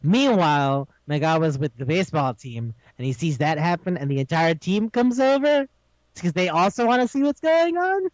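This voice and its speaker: A man co-hosting a casual podcast, recapping an episode with animated, profane delivery and acted-out lines. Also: a little high, normal speed, no echo. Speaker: podcast co-host. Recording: dull lo-fi sound.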